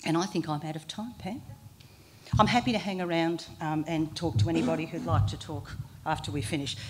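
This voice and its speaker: Low-voiced woman presenting. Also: fairly even intonation, a little fast. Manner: informal, hesitant fillers, self-deprecating. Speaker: guest speaker. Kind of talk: presentation to a seminar. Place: meeting room.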